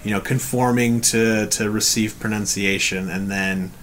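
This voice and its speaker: A man's voice: fairly low pitch, fairly even intonation, unhurried, fairly bright tone, a little hiss or hum. A laid-back Canadian man co-hosting a casual chat about music, often agreeing with short replies. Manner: laid-back, frequent agreeing "yep" and "mm-hmm". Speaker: podcast co-host.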